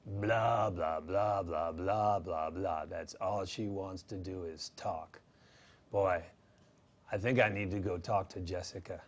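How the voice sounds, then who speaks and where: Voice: deep voice, steady tone, slow pace. Someone doing a lovesick bumbling male bear. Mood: grumbling.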